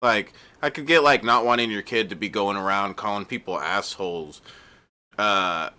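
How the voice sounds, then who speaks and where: A man co-hosting a podcast, giving casual commentary in a loud, exasperated rant. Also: on the low side, normal speed.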